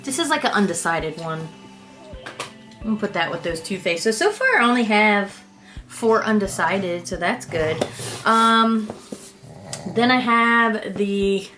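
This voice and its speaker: A woman's voice: medium pitch, pushed and bright. A young woman vlogger chatting casually about her makeup, rambling and self-deprecating, with casual swearing. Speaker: beauty vlogger. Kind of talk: casual makeup declutter chat.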